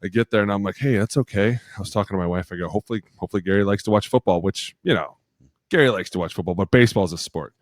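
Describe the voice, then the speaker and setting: Excitable low-voiced former lineman. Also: very fast, no echo, studio quality. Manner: excitable storyteller who swears and acts out quotes. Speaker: podcast co-host, former NFL lineman. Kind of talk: casual chat.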